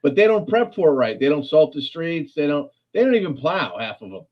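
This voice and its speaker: A man's voice: fairly high pitch, big pitch swings, brisk, muffled recording. A man chatting casually as a guest, joking and teasing about himself. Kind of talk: casual chat.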